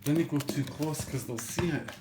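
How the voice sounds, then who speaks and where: A man's voice: fairly high pitch, normal speed, very noisy. Man, home cooking host, cheeky rambling patter; echoey kitchen with pots and dishes clattering behind. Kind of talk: chatty cooking demonstration.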